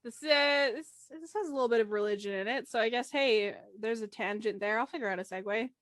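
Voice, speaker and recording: A woman's voice: a little high, fairly quick, a bit bright, no room sound, clean studio sound. Wry, casually swearing woman host. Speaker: podcast host. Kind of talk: casual banter podcast.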